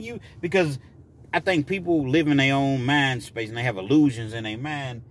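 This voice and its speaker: A man telling a story from his own life in a vlog, talking freely with frequent restarts and jumping into loud, high voices to act out what people said. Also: moderate pace. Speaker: vlogger telling a personal story.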